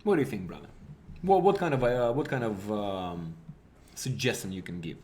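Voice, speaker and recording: A man's voice: fairly low pitch, expressive, normal speed, a little mellow. A young man from Russia with a Russian accent, chatting playfully on a livestream in broken English and laughing often. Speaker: livestream co-host. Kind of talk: casual livestream chat.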